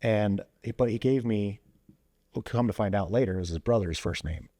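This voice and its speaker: In a mellow voice on the low side, at a moderate pace, a former cop and veteran casually shares a story while guesting on a podcast. Loose fillers like "you know" and "like" run through his speech, and quoted lines get acted out with sudden voice jumps. The audio is clean studio sound with no echo.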